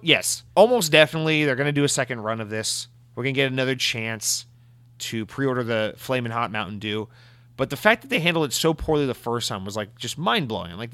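A man's voice: mid-range voice, quick pace, no echo. A man hosting a show and answering listener mail in a casual, profane, exasperated rant, slipping into mocking voices. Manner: animated, profane, exasperated ranting with mock voices. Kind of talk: casual ranting commentary.

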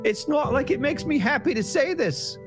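A man's voice: very high-pitched, animated, moderate pace. A man doing a comic impression of an emotional, indignant pundit from Canada, ranting in mock earnest over a music bed. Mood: aggrieved.

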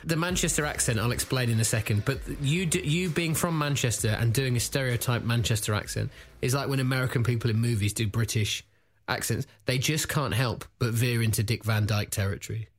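A man hosting a comedy podcast, teasing his co-host and rambling into quick plugs. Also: medium pitch. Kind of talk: casual comedic chat and promo.

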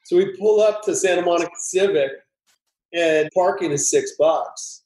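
A man's voice: high-pitched, normal speed. A middle-aged man, a screenwriter guest, telling a story casually and acting out the voices in it. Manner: animated, acts out voices in anecdotes. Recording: roomy echo.

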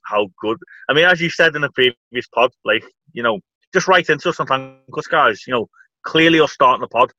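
A man's voice: mid-range voice, fairly quick, pushed and bright, no echo, rough recording. An Irish man co-hosting a podcast, chatting in a rambling way with dry jokes. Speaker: podcast co-host. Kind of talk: casual football chat.

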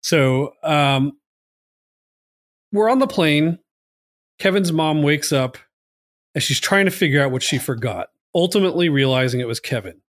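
A man's voice: a little high, lively intonation, normal speed, pauses often, no echo, clean studio sound. A man hosting a casual movie podcast, rambling with lots of fillers and "like.". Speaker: podcast host.

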